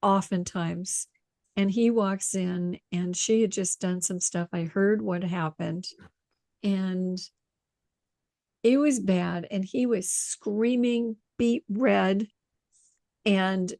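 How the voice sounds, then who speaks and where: Animated woman telling a story. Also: medium pitch, slow pace, creaky, dry recording, studio quality. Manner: animated storyteller, acts out quotes, laughs often. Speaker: intuition coach. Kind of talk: casual conversation.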